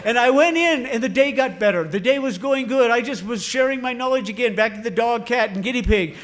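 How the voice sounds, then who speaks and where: A man's voice: very high-pitched, a little fast. A middle-aged man, a veterinary professor, giving a humorous storytelling speech and animatedly acting out the quotes. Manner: animated, shouts and acts out quotes for comic effect.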